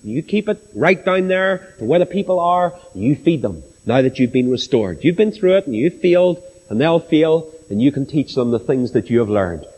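A preacher voicing a gentle, forgiving teacher in a sermon retelling, speaking in a kindly, instructive way. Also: male voice, fairly high pitch, expressive, normal speed, few pauses, slightly rough, voice pushed down. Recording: long hall reverb.

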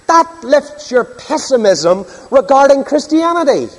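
A man's voice: sits high, very animated, normal speed. An older man preaching a sermon, emphatic and full of rhetorical questions. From Northern Ireland. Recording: long hall reverb.

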